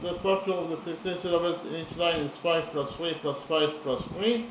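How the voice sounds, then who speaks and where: A man giving a lesson on poetry in a slow, deliberate way, counting syllables aloud, with frequent fillers. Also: on the high side, fairly even intonation. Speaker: lecturer on poetry. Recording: echoey room with audible background noise.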